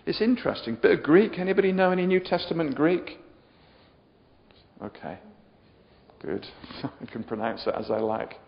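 A man's voice: on the high side, animated, moderate pace, creaky, long pauses. A man preaching a sermon in a chatty, joking way, often putting questions to his listeners. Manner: chatty, jokey, asks the audience questions. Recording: dull lo-fi sound with long hall reverb.

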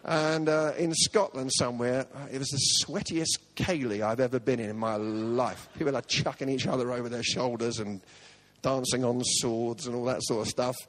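A man's voice: medium pitch, fairly even intonation, normal speed. A man preaching a humorous sermon, telling stories with self-mocking comic asides.

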